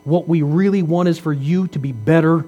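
A man's voice: fairly high pitch, moderate pace, dark tone, highs cut off. A man in his fifties, a pastor preaching a sermon in a conversational way, asking rhetorical questions and teasing the congregation. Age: 50s. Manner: jokes and teases the congregation.

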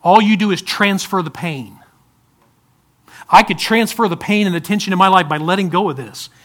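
A man preaching a sermon to a congregation, swinging from loud urging to soft, pleading asides. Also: high-pitched, moderate pace. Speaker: pastor.

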